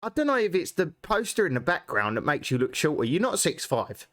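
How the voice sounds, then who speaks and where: A young man hosting a podcast. He tells stories in a lively way, laughs often and acts out quotes. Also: on the high side, fairly quick, dry recording. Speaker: podcast host. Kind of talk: casual podcast chat.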